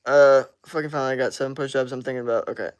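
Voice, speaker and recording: A man's voice: mid-range voice, steady tone, very fast, smooth. A man in his twenties livestreaming, chatting casually with his viewers and reacting to comments with frequent swearing. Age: 20s. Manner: laid-back, swears a lot, reacts to chat. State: just out of the shower.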